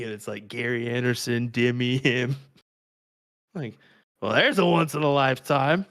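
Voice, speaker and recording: A man's voice: medium pitch, measured pace, pauses often, a bit bright, no echo, studio quality. A man with a Kansas accent commentating on darts, chatty and laughing often as he tells stories. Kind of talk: live sports commentary banter.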